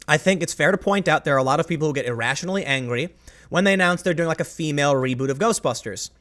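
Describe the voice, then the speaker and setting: A man's voice: fairly high pitch, a bit bright. A man delivering a rambling, opinionated commentary monologue as host, often stopping and restarting his sentences. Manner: rambling, self-interrupting, emphatic.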